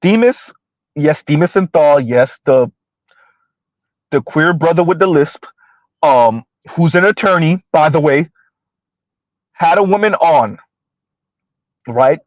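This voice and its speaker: A man with a fairly high voice hosts a casual livestream and talks straight to his chat. He slows down to make his points very deliberately and sometimes refers to himself in the third person. The sound is dull, lo-fi and dry. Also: expressive, dry recording. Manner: addresses viewers directly, slows down to stress points. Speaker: livestream host reading chat comments.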